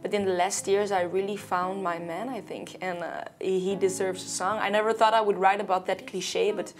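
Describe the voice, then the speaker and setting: Brief: young woman, relaxed chatty guest, mid-pitched voice, lots of "you know" and fillers. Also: normal speed, soft background music. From Belgium. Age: young adult. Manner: loose, chatty, many fillers and small grammar slips. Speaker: singer, interview guest. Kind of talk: casual interview chat.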